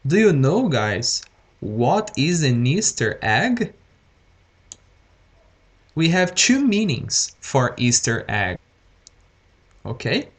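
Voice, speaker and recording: Slow, careful male teacher. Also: mid-range voice, sing-song, breathy edge. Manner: deliberately slow, repeats words and says okay often. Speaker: English teacher. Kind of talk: live-streamed grammar lesson.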